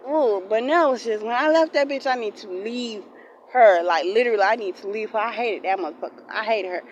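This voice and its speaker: A woman's voice: medium pitch, a little hiss or hum, rough recording. A young woman, ranting heatedly in a storytime vlog, swearing often and repeating herself. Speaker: vlogger. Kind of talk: angry storytime rant.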